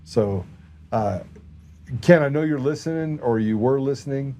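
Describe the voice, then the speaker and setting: A man's voice: medium pitch, a little slow. A man hosting a podcast, chatting casually and telling a story with acted-out dialogue. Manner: animated storyteller, acts out dialogue. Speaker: podcast host.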